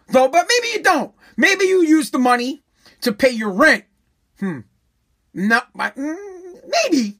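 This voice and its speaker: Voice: sits high, a bit bright. A vlogger delivering a profane, sarcastic rant to viewers, scolding them and repeating lines for emphasis. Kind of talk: ranting monologue to viewers.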